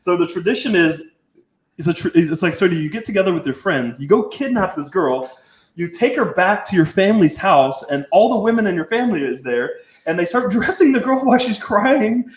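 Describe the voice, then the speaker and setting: A man tells crude stories with blunt, profane energy, acting out what others said. His voice sits a little high for a man. The room around him rings with echo. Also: lively intonation, fairly quick. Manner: swearing, blunt, acts out quotes. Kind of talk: crude casual storytelling.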